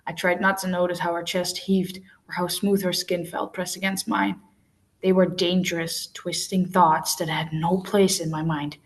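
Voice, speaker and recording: A woman hosting a casual read-along, reading a romance novel aloud and often stumbling and correcting herself. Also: fairly low pitch. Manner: stumbles and self-corrects, laughs at slips.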